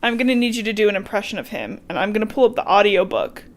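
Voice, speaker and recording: A woman's voice: medium pitch, expressive, fast talker, slight background noise. A woman co-hosting a podcast, chatting casually about a book in a teasing way and laughing often. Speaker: podcast co-host.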